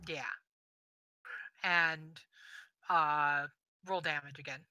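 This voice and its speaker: Unhurried woman narrating as game master. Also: deep voice, steady tone, pushed and bright, dry recording.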